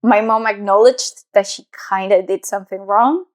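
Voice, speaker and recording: A woman's voice: mid-range voice, steady tone, moderate pace. Rambling young woman on a podcast. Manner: rambling, hesitant, many fillers. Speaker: podcast co-host. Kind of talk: casual chat.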